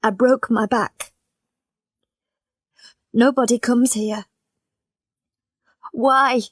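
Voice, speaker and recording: A woman's voice: fairly high pitch, steady tone, drawn-out words, no echo, studio quality, pitched above the performer's own voice. A woman voicing a frightened, injured young man in a storybook reading, speaking in a pleading, fearful way.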